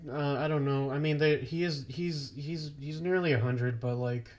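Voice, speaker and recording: A man chatting on a podcast in a slightly high voice, trailing off and restarting his thoughts. He breaks into laughter between phrases as he rambles on. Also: moderate pace. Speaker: podcast co-host. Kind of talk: casual chat.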